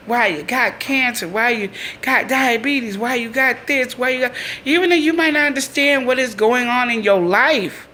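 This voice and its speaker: A woman, a mother, hosting her own live video show and giving an informal sermon. She talks in a homey, conversational way, swinging between loud, high emphasis and soft, drawn-out low lines. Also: a little hiss or hum.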